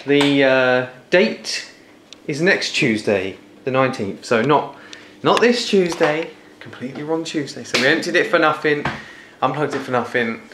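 A man's voice: medium pitch, lively intonation, normal speed. Playful man vlogging at home, echoey. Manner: playful, teasing, chatty. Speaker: vlog host. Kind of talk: casual home vlog chat. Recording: echoey room with noise.

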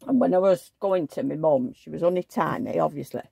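Older woman, gravelly chat. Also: low voice, brisk, dark tone, no echo, clean studio sound. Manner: rambling, chatty storytelling with asides. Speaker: vlogger. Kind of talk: casual chat.

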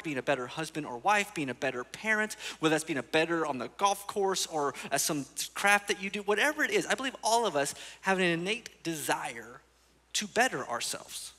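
A man preaching as teaching pastor, animated and joking, acting out little voices as he tells stories. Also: on the high side. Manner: animated storytelling, acts out voices. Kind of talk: lively sermon with humor. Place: church auditorium. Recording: long church hall reverb.

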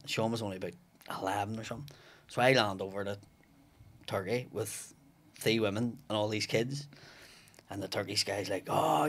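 Husky man telling stories. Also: on the low side. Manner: profane, acts out the voices in his stories. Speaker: comedian guest. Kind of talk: casual storytelling. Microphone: studio podcast mic.

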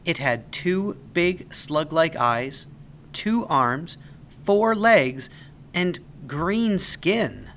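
Man with a bright, expressive storytelling voice. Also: fairly high pitch, drawn-out words, a little hiss or hum. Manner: expressive, animated reading. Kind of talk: children's story read aloud.

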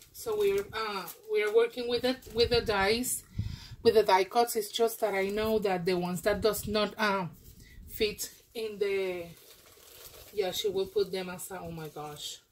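Slow, gushing woman unboxing gifts. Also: medium pitch, darkish tone. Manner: gushing, exclaiming, hesitant with fillers. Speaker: crafting vlogger. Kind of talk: unboxing a gift swap.

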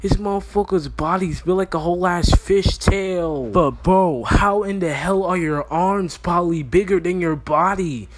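A man's voice: sits high, unhurried, hardly any pauses, a little hiss or hum. A young man doing a brash, exasperated comedy roast over a phone mic, swearing constantly and calling everyone "bro". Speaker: roast video creator. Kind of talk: profane comedic roast commentary.

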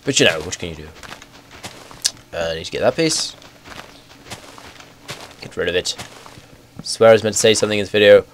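A young man with a cold, sounding hoarse and congested, rambling through casual game commentary on a headset mic with self-mocking, excitable asides. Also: on the low side, a little fast, pauses often, slight background noise. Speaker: gaming video host.

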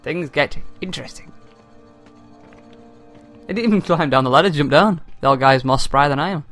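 Young male let's-play host, bright, slightly high voice, sarcastic banter. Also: normal speed, soft background music. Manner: sarcastic, self-mocking, laughs often. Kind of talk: joking gameplay commentary.

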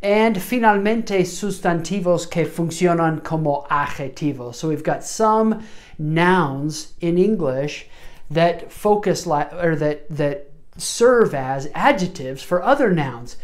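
Woman, low voice, Spanish teacher, casual explaining, mixes in Spanish words. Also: animated, slow. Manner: mixes Spanish words into English, frequent "okay?" check-ins. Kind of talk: explaining medical Spanish word order.

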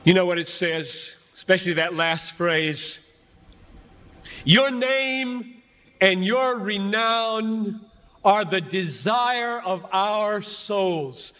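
A man's voice: high voice, lively intonation, extremely slow, fairly bright tone. A man in his fifties preaching to a large youth gathering, earnest and emphatic, building his points through repetition. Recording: long hall reverb.

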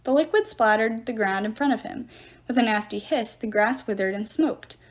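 A woman reading a novel chapter aloud with expressive storytelling. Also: fairly high pitch, moderate pace. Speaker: reader.

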